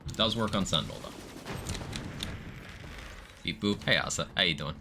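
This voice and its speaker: Man, very low voice, casual live stream chat, detailed game explanations, noisy background hum. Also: racing. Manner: explains game mechanics while greeting chat. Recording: background noise.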